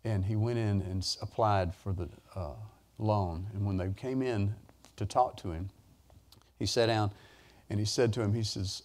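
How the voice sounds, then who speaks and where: A man preaches through homespun stories. His voice climbs high and loud, then falls back to a low, quiet telling. The storytelling stays folksy and animated throughout. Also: moderate pace. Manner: animated, folksy storytelling with sudden rises in pitch and volume. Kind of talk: sermon storytelling.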